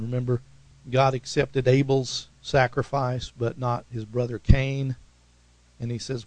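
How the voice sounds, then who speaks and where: Gravelly Oklahoma preacher man. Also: fairly even intonation, moderate pace, no echo, low-quality recording. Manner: emphatic, conversational preaching with sudden swings in pitch and loudness. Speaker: pastor. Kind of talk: sermon.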